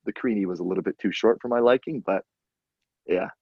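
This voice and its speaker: A man hosting a podcast in casual chat, telling stories with excitable energy. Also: fairly low pitch, fast talker, no echo. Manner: animated storyteller, excitable. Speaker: podcast host. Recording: dull, lo-fi dry sound.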